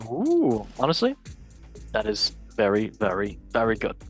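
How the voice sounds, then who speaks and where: A man's voice: on the low side, huge pitch swings, measured pace, faint music behind. Playful young male football show host. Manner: playful, joking, reads headlines then riffs. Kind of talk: casual football news chat.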